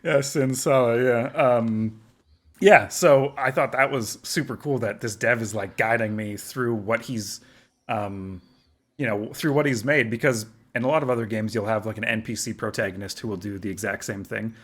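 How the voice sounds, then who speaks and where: A man's voice: fairly low pitch, steady tone, moderate pace, fairly bright tone. A man co-hosting a gaming podcast in casual chat, often laughing and quoting others in playful voices. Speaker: podcast co-host.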